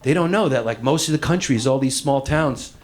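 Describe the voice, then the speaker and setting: A man doing a stand-up routine, loud and profane, jumping into shouted rants. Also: medium pitch, fairly quick. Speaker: stand-up comedian. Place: comedy club stage. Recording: live stage with crowd laughter and ambient noise.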